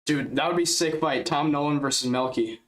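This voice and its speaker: Excitable man rambling through fight commentary. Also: fairly high pitch, brisk. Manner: excitable, rambling, thinking out loud. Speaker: fight companion streamer. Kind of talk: casual live fight commentary.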